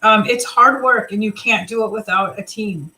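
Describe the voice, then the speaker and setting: A woman's voice: mid-range voice, normal speed, bright, forceful tone, low-quality recording. A woman leading a live team video chat, talking casually and motivationally, rambling with fillers and restarts. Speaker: team leader.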